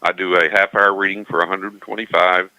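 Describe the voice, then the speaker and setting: An older man with a West Texas accent, giving calm, reassuring psychic readings on a call-in radio show. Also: sits low, brisk, dry recording, poor audio. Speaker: psychic medium guest.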